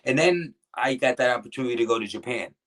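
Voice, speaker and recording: A middle-aged man tells old stories in a relaxed interview. He rambles and restarts his sentences, slipping into the voices of people he quotes. His pitch sits in an ordinary male middle range. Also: fast talker. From New Jersey. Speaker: guest, former pro wrestler. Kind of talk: casual interview storytelling.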